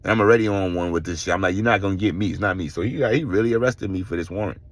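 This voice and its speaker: A middle-aged man, telling his own story in a casual vlog, animated and swearing, acting out other people's voices. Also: deep voice, very fast. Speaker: vlogger.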